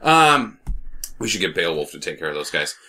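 A man's voice: low-pitched, sing-song, normal speed, sharp tone. A man co-hosting a movie podcast, recapping the plot in a rambling, profane way and laughing often. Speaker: podcast co-host. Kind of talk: casual movie-review banter.

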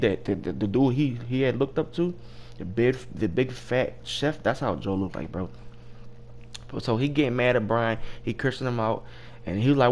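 A young man casually telling a work story, rambling and profane, with loose restarts. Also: medium pitch. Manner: rambling, profane, laughing at his own story.

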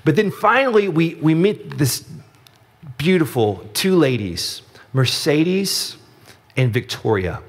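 A man from Texas preaching a sermon as pastor, telling stories in a conversational, animated way. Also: takes it slowly, long reverb tail. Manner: conversational storytelling, animated rises in pitch. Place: church sanctuary.

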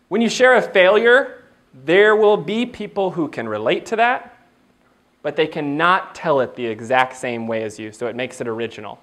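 A man giving a motivational keynote speech at a training event, telling stories in an animated way, laughing often and acting out dialogue. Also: on the high side. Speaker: keynote speaker.

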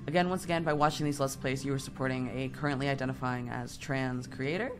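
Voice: medium pitch, fairly even intonation, fast, music in the background. A young adult let's-play gamer giving rambling, self-deprecating commentary over gameplay while slightly sick. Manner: rambling, self-deprecating, with fillers and sudden asides.

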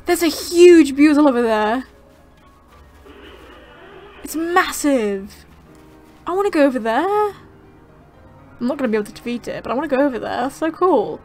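A young woman giving casual, excitable gameplay commentary, gasping and chattering to the creatures on screen. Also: sits high, a little fast, long pauses, faint music behind. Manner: bubbly, gasping, easily excited. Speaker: gaming channel host.

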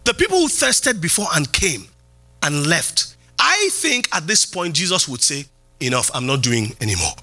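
A middle-aged man, a pastor, preaching a sermon in a church. He repeats key phrases and swings from loud calls down to quiet lines. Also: sing-song, moderate pace. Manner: preaching with sweeping pitch jumps and repeated phrases. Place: church hall.

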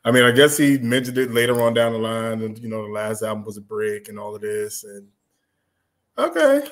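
A man's voice: fairly low pitch, monotone, brisk, a bit bright. A man co-hosting a casual chat, talking loosely, laughing often and trailing off mid-thought. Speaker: podcast co-host. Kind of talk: casual chat about rap.

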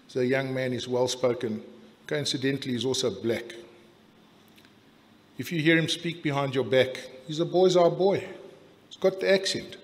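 A man's voice: mid-range voice, fairly even intonation, moderate pace, pauses often. South african guy doing a dinner toast, cheeky and blunt, medium voice, big reverby hall. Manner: jokey, blunt, rambling with filler restarts. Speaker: after-dinner speaker giving a toast. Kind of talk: after-dinner toast speech.

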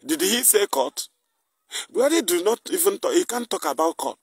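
Brief: husky, animated man, indignant political commentator, dry close sound. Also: sits high, normal speed, dry recording. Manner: indignant, fires rhetorical questions. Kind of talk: impassioned political rant.

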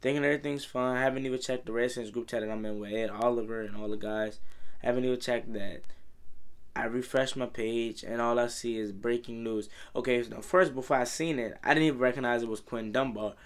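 A man's voice: medium pitch, fairly even intonation, a little fast. A young man vlogging about football, rambling and exasperated, peppering his talk with "bro" and "man.". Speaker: sports vlogger. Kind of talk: casual fan commentary.

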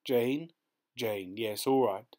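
A man voicing a brisk, cocky male dog-race organiser in an audiobook, speaking curtly and dismissively. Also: mid-range voice, natural voice. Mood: brusque. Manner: curt, dismissive, sharp and loud. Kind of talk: audiobook character voice.

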